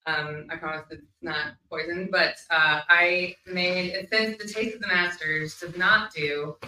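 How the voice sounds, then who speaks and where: A woman hosting a casual chat, talking freely with many ums and quick laughs. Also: on the low side, steady tone, sharp tone. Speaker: host. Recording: roomy, mic at a distance.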